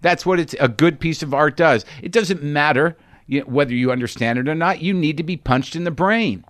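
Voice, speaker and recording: A man's voice: on the high side, normal speed, fairly bright tone, no echo, clean studio sound. A middle-aged man hosting a podcast, telling stories in a rambling, candid, profane and self-mocking monologue. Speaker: podcast host. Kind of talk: monologue storytelling.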